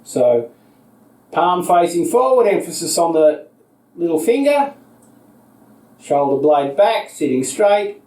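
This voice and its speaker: An Australian man with a high voice leads a seated yoga session, giving calm, patient cues timed to each inhale and exhale. He speaks slowly and pauses often. Captured from across an echoey indoor room, he sounds distant and roomy.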